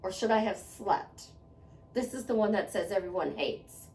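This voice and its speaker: A woman's voice: medium pitch, lively intonation, moderate pace, darkish tone, slight background noise. A woman speaking to the camera in a motivational monologue, earnest and conversational, repeating phrases for emphasis. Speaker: self-help vlogger. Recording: echoey room, voice a bit far from mic.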